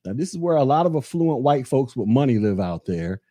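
A man with a mellow, relaxed timbre and a mid-range voice, talking alone on his podcast. He rants in a sarcastic tone and puts questions straight to his audience. The sound is close and dry, with no room around him. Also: mid-range voice, brisk, no echo. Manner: ranting and sarcastic, talks straight to listeners. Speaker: podcast host. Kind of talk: solo opinion commentary.

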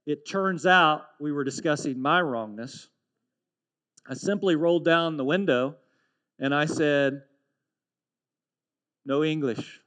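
A man's voice: fairly high pitch, unhurried, a bit bright. Earnest storytelling preacher man. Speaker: pastor. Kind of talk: sermon.

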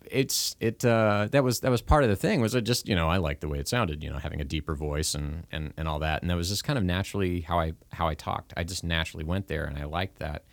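A man's voice: sits low, quick pace, hardly any pauses, no room sound. A man who sings for a living, chatting casually and laughing often. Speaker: singer and musician. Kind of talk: casual chat.

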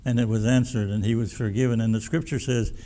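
A man's voice: mid-range voice, steady tone, fast, mellow. A pastor preaching a sermon in a folksy, emphatic way, often repeating his words.

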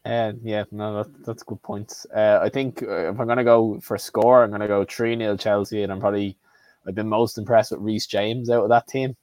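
Low-voiced man talking football in a dry room. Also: fairly even intonation, moderate pace, a little mellow, no echo. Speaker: podcast co-host. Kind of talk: casual football podcast chat.

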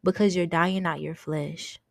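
A woman's voice: lowish voice, steady tone, measured pace, gravelly, no room sound, studio quality. A young woman hosting a casual faith podcast, talking earnestly and confessionally, often repeating her words. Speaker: podcast host.

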